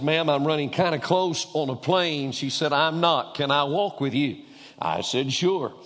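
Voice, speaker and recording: Preacher man in an echoing hall. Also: on the high side. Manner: storytelling with quoted dialogue, emphatic repetition. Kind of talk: sermon. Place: church sanctuary. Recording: long reverb of a large hall.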